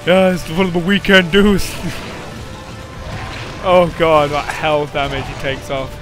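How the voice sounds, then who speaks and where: A man's voice: a little high, flat delivery, slow. A man doing casual gameplay commentary, giggling and laughing through his words. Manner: giggly, keeps breaking into laughter. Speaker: gameplay video host. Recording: game music behind the voice.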